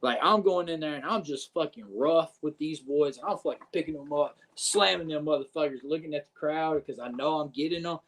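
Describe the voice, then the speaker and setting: Swearing wrestler. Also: male voice, on the high side, brisk, few pauses. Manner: profane, animated, keeps saying "you know what I'm saying". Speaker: pro wrestler guest. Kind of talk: casual podcast storytelling.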